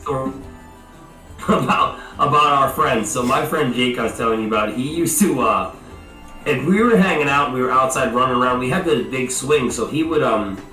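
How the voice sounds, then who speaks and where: A man's voice: mid-range voice, normal speed, pushed and bright. A man in his thirties, co-hosting a podcast, telling crude stories with lots of swearing and laughter over a remote call. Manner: rambling, laughing, swears a lot. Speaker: podcast co-host. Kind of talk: casual crude chat. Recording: roomy echo, distant from mic, faint music.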